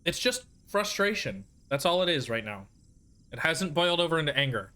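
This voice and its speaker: Here the streamer sounds a little high and sing-song, brisk, with a bright and forceful tone. He chats casually about his game, and his frustration comes out in self-soothing mutters between bursts.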